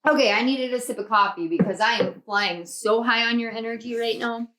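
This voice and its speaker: Woman, high voice, young adult, tarot reader, effusive, spiritual, excitable. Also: a little fast. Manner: gushing, excitable, spiritual, exclamatory. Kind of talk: pick-a-card tarot reading to camera.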